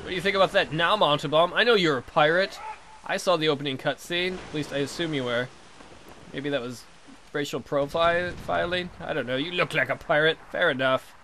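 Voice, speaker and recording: A young man commentating his own game play casually, excitable and jokey, swearing often and talking back at the game. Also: fairly high pitch, brisk, slight background noise. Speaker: let's play host.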